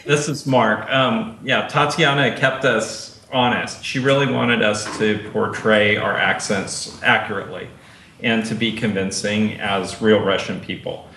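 A man's voice: on the low side, fairly even intonation, measured pace, sharp tone, roomy sound, slight background noise. A male actor guest in a panel chat, talking earnestly about his work.

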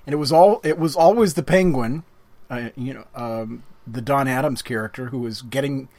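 A man co-hosting a casual podcast chat with an author, playful and quick to laugh. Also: mid-range voice, dry recording. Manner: lively, laughs easily, playful self-mocking. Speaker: podcast co-host interviewing an author.

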